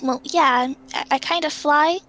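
A woman playing a tabletop game, casual and giggly, asking quick questions. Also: high voice, a bit bright. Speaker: player.

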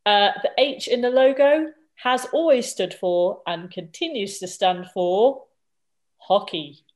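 Woman on a podcast, chatty, rattles off long lists, mid pitch. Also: animated, slow, darkish tone. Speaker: podcast co-host. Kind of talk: casual podcast chat.

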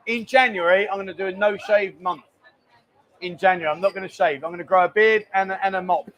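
A man with a rather high voice hosts a casual live stream from a busy bar. He chats loosely, cracks jokes and reads out viewers' messages. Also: steady tone, fast talker, dull audio.

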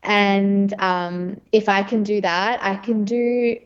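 A young woman talks through her birth story as an interview guest, chatty and open, with many fillers and easy laughs. Her pitch sits in an ordinary middle range. The recording sounds a little dull and lo-fi. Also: level tone, takes it slowly. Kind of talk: casual conversational storytelling.

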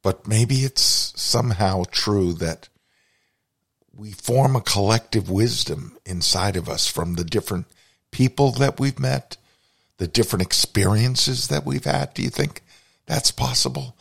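Man, podcast host, personal story told slowly, husky low voice, reflective. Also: fairly bright tone. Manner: reflective, confessional.

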